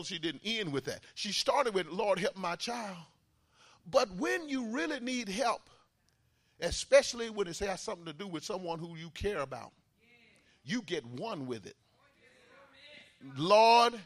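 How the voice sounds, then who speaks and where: A man preaching a sermon who moves from quiet teaching into shouted, sung exhortation and calls to the congregation. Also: high-pitched, no echo. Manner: fervent call-and-response exhortation.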